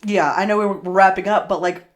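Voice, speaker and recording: A woman chats on a podcast in a mid-range voice. She is teasing and candid, and the talk is relaxed and casual. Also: mid-range voice, a little fast. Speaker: podcast co-host. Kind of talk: casual chat.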